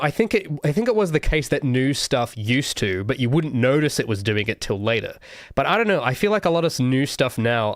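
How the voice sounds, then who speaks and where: A man's voice: medium pitch, no echo, clean studio sound. A young adult man hosting a casual livestream Q&A, rambling and thinking aloud with many restarts. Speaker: solo game developer streamer.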